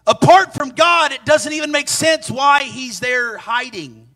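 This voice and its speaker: Guy preaching a sermon, really high bright voice, sing-songy and animated. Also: a little slow. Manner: animated, sing-song preaching with sudden loud peaks.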